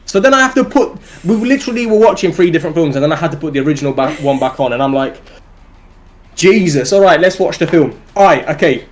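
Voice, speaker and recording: A man with a British accent telling a story on a livestream, animated and swearing, often laughing as he goes. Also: fairly high pitch, racing, few pauses. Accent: British English. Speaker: live streamer.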